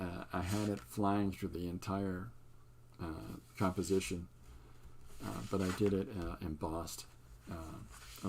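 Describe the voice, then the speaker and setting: Older man, art channel host, low voice, meandering, self-amused, faint background hiss. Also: a little mellow. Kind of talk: casual show-and-tell livestream.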